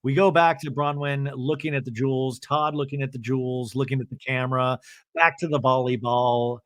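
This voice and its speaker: A man hosting a casual comedic podcast recap, animated and quick to mimic the people he describes, swearing now and then. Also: mid-range voice, dry recording. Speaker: podcast host recapping reality TV.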